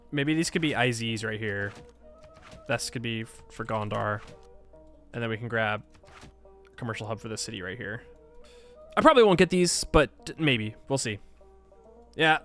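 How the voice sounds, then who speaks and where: Muttering his way through a strategy game, a gaming YouTuber thinks aloud in a casual Let's Play. He sighs and laughs at himself often, frustrated and self-mocking. His voice is mid-range and a bit bright.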